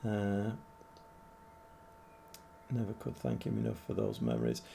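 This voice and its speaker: A man's voice: fairly low pitch, sing-song, measured pace, gravelly, mellow, a little hiss or hum. A man in his seventies, chatting with viewers and thinking aloud while livestreaming a football management game. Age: 70s. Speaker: gaming livestreamer. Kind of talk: live game commentary and chat.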